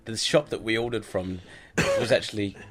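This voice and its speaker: A man's voice: on the low side, steady tone, moderate pace. Joking English man chatting casually. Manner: chips in with jokey asides. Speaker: podcast co-host. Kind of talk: casual chat.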